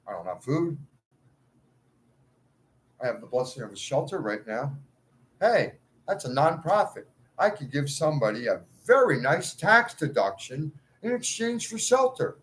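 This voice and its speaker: A man's voice: fairly high pitch, sing-song, a little slow, pauses often, fairly bright tone, low-quality recording. A man in a ranting monologue to his followers, agitated and pleading, swinging between outbursts and muttered asides. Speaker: self-styled cleric addressing followers.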